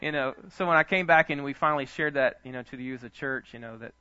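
Bright-voiced pastor preaching. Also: male voice, medium pitch, fast, clear, resonant tone, dry recording. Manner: animated, chuckling storyteller. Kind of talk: storytelling sermon. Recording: dull lo-fi dry sound.

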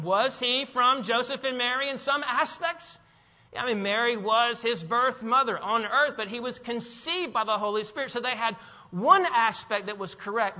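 A man's voice: sits high, sharp tone, in a large hall, lo-fi sound. A man preaching a sermon, emphatic, repeating key phrases and asking the congregation questions. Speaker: pastor.

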